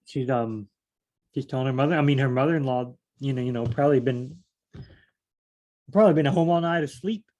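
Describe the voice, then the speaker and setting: A man's voice: mid-range voice, fairly quick, pauses often, a little mellow, muffled recording. A man leading a casual Bible study, rambling and asking himself questions as he reads. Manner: rambling, thinks aloud and asks himself questions; repeats phrases, many fillers.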